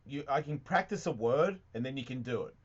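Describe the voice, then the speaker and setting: A man's voice: mid-range voice, expressive, fairly quick, slightly rough. A man hosting a radio talk show, chatting in a loose, rambling way with plenty of swearing. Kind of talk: casual chat. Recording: dull lo-fi radio studio sound.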